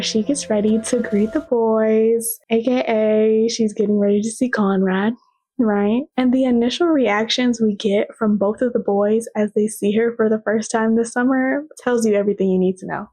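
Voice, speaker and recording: A woman's voice: on the high side, fairly even intonation, moderate pace, mellow. A young woman giving casual video commentary on a TV show, talking in a dramatic, sarcastic and gushing way.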